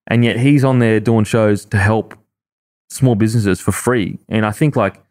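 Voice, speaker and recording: Low-voiced Australian man, rambling. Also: fairly even intonation, normal speed, a little mellow. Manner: earnest, rambling, full of restarts. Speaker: podcast guest, former rugby league player. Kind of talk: casual podcast chat.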